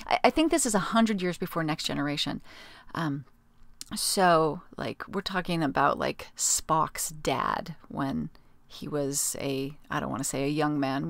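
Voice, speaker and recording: A woman's voice: fairly low pitch, a bit bright, no room sound. A middle-aged woman hosting her own podcast, chatting casually and rambling with lots of fillers. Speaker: podcast host. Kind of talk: casual solo podcast chat.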